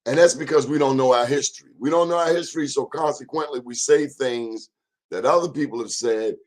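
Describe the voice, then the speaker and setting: A man's voice: mid-range voice, a little fast. A man in his fifties hosting an informal history talk, emphatic and repetitive, urging listeners to check the facts themselves. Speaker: host.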